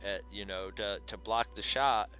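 A man's voice: on the low side, steady tone, a little slow, bright, forceful tone, faint music behind. A man in casual chat, rambling through a comic plot with many fillers and asides.

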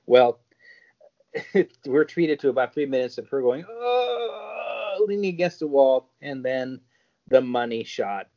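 A man co-hosting a podcast, retelling scenes in a lively, crude comic way. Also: medium pitch, unhurried. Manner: lively storytelling, crude jokes. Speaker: podcast co-host. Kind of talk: casual comedic chat. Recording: dull lo-fi podcast audio.

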